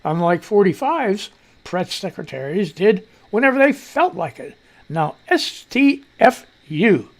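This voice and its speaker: A man's voice: high-pitched, very animated, unhurried. A man hosting a casual live news commentary show, ranting loosely and profanely as he reads and reacts to stories. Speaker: talk show host.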